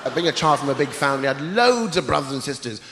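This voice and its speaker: A man hosting a live stand-up show, with a punchy, theatrical delivery and shouted greetings to the crowd. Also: medium pitch, animated, racing. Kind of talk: stand-up comedy set. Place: large theatre stage before a live audience. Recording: roomy theatre reverb, loud audience noise.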